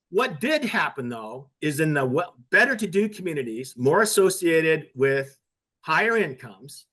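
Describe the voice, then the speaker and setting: A man's voice: on the high side, sharp tone. A man on a podcast panel, explaining a topic at length through a story in casual discussion.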